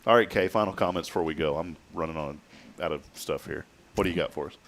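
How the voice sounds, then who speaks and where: An easygoing man hosts a morning talk show in a relaxed, folksy way. His voice sits a little low, and he chats with guests and callers with a laugh never far off. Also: fast. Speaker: show host. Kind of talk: casual morning show chat.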